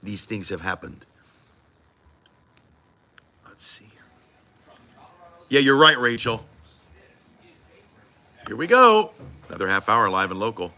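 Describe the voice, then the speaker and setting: A man's voice: on the low side, big pitch swings, slow pace, long pauses, bright, forceful tone, slight background noise. A man co-anchoring a morning TV news show, joking and teasing his co-host in casual banter behind the scenes. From United States.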